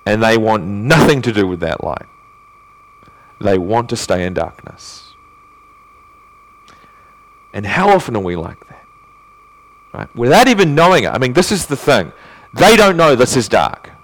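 Male pastor, mid-pitched and very expressive, earnest sermon delivery that moves from emphatic to hushed. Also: unhurried, pauses often. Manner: earnest preaching with rhetorical questions, swinging from emphatic to hushed.

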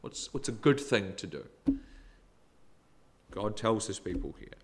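Lively, emphatic man preaching a sermon. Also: on the low side, measured pace, pauses often. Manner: expressive, emphatic preaching with sudden rises and drops in loudness.

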